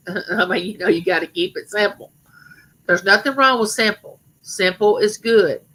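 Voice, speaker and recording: A middle-aged woman with a rough voice, rambling chattily to her viewers as host of a live stream. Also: mid-range voice, normal speed, a bit bright, rough recording. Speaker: livestream host. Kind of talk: casual live stream chat.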